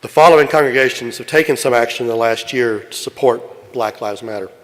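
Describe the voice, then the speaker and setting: A man's voice: mid-range voice, fairly quick. A man from Kentucky presiding at a meeting, reading a long list steadily and speaking off-script with many fillers. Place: large meeting hall. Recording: long hall reverb.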